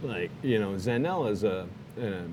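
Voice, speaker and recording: A man's voice: on the low side, expressive, normal speed, a little mellow, slight background noise. A man on a motorcycle trip chatting casually, rambling and laid-back with many fillers. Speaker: motorcycle traveler. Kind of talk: casual chat.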